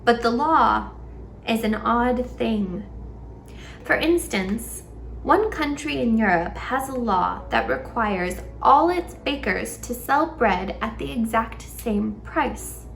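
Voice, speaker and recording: Slow, measured woman reading aloud. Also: a little high, lively intonation, vocal fry, a little hiss or hum. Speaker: storybook reader. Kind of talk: reading a children's novel aloud.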